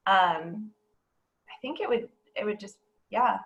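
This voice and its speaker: A woman speaking as a guest in a casual podcast conversation, bubbly and quick to laugh. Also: medium pitch, a bit bright, highs cut off.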